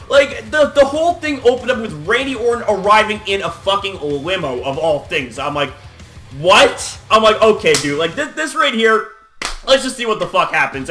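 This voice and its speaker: A man with a very high, bright voice rants through a casual wrestling recap. He talks in lively swings of pitch, swears freely and laughs in disbelief. The sound is roomy and echoey.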